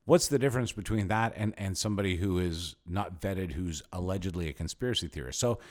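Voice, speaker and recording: A man with a fairly low voice co-hosts a relaxed talk show. He jokes and throws in sarcastic asides, keeping things light and animated. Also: a little fast. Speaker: podcast co-host. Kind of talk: casual satirical chat.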